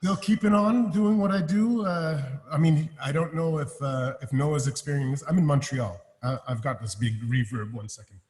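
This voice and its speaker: A man chatting casually as a guest musician on a video call, relaxed and friendly, talking from his home. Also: a little high, normal speed, few pauses. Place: room in his home in Montreal. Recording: reverberant room over a video call.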